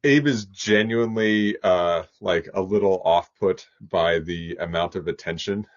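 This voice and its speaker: A man playing a tabletop game who describes his character's actions haltingly with many fillers, on dull lo-fi audio. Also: low-pitched. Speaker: player.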